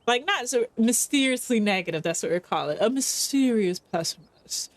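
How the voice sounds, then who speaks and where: A woman's voice: fairly high pitch, expressive, normal speed, dry recording. A young woman giving chatty commentary while playing a story game. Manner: chatty, lots of fillers and laughs. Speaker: game streamer. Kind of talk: playthrough commentary.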